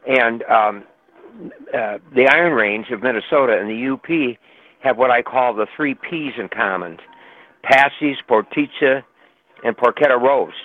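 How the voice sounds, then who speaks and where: Older male caller, rambling and hesitant, mid pitch, phone-line sound. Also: a little slow. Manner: rambling, hesitant with many fillers. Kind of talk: phone-in call.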